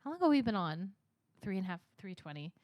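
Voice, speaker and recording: A woman's voice: medium pitch, big pitch swings, fast talker, darkish tone, dry recording. A young woman streaming a narrative game, reading its text aloud and reacting with frequent giggles.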